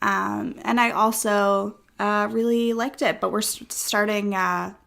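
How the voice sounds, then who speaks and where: A young adult woman guest on a podcast in casual chat, speaking in a measured way with many "uh" and "um" pauses. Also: mid-range voice, fairly even intonation, gravelly, a bit bright. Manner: measured, fillers like "uh" and "um", dry agreement.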